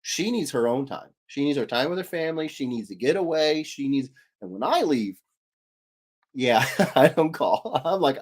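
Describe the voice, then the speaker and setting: A man's voice: on the high side, big pitch swings, normal speed. Male stream host in his 30s, rambling and jokey, reads chat aloud. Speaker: host of an art livestream. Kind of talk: casual livestream chat.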